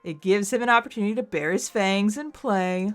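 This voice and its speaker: A woman voicing a laid-back, cunning young exiled devil prince in a game, speaking lower and quieter. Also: brisk, faint music behind, close to an everyday voice. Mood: teasing. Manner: lowered, quiet, teasing delivery.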